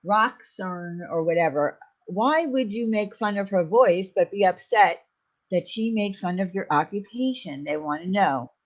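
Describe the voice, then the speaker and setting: A woman's voice: medium pitch, unhurried. Woman co-host on dull lo-fi audio. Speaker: livestream co-host. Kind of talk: casual livestream chat.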